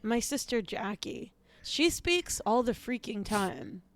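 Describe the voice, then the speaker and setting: A woman's voice: fairly high pitch, takes it slowly, a little hiss or hum. Woman as a bratty teen talk host. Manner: bratty teen attitude, deadpan jokes. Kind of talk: comedic podcast monologue.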